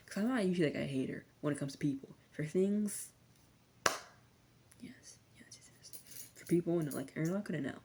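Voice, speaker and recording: A woman's voice: deep voice, moderate pace, pauses often, a little hiss or hum. A young woman giving a rambling ASMR-style rant, slangy and sardonic, sometimes dropping into whispers. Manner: slangy, sardonic, drifting between soft talk and whispers. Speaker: vlogger.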